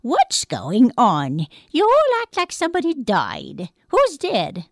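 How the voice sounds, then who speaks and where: A woman storyteller puts on a risen dead man who won't accept he's gone, his voice pitched up high and stretched slow into sing-song questions. He sounds cheerful and stubborn, like a spooky folktale corpse. The recording is close and dry. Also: wildly swooping pitch, no echo, exaggerated voice. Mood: puzzled.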